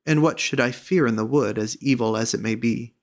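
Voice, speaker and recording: A man voicing a kind, bold young lord in a storybook reading, speaking gently and courteously. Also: medium pitch, a little fast, natural voice. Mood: confident.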